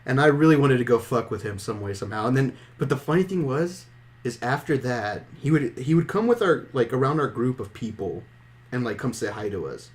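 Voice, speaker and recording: A man's voice: medium pitch, animated. A young man hosting a podcast, telling a rambling, profane story in casual chat. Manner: rambling, profane, fast anecdotes. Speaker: podcast host.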